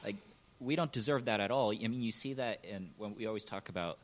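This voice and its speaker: A man's voice: fairly low pitch, brisk. A man sharing his thoughts in a group Bible discussion, stumbling and repeating words as he gets going. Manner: hesitant, repeats words as he starts sentences. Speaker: study group participant. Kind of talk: casual discussion.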